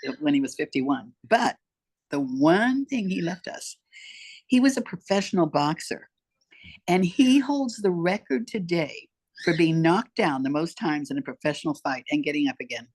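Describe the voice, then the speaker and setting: A woman's voice: sits low, breathy edge. Older woman telling her story emphatically. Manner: emphatic, repeats herself for weight. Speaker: guest. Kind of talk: personal storytelling in conversation.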